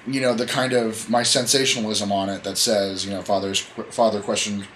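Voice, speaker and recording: A man's voice: fairly low pitch, steady tone, a little fast, fairly bright tone, slight background noise, rough recording. A man hosting a casual podcast chat, telling a story in a rambling, joking way and correcting himself as he goes. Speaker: podcast host.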